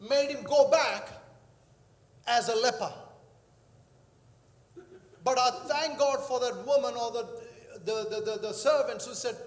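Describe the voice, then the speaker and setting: A man's voice: very high-pitched, takes it slowly, long pauses. A male pastor preaching a sermon, telling a story with frequent fillers and acted-out quotes. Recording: echoey hall with long reverb.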